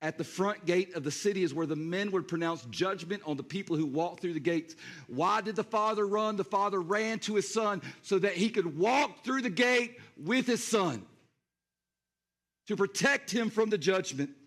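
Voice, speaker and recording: Man preaching, high voice, animated, speaks straight to the congregation. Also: moderate pace. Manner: animated, addresses the congregation directly, acts out scenes. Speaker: pastor. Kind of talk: sermon.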